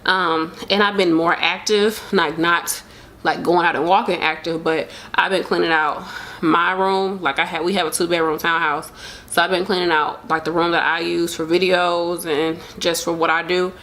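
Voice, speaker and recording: A woman's voice: fairly low pitch, flat delivery, normal speed, a bit bright. A young woman chatting casually to camera about her pregnancy, open and emotional, rambling with lots of fillers. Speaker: vlogger sharing a pregnancy update.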